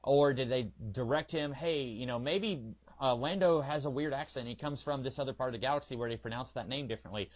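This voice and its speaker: A man's voice: medium pitch, a little fast, hardly any pauses, dull audio. A man co-hosting a podcast in casual chat, rambling with lots of fillers and acting out little scenes. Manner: chatty, lots of "like" and "um", animated retellings. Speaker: podcast co-host.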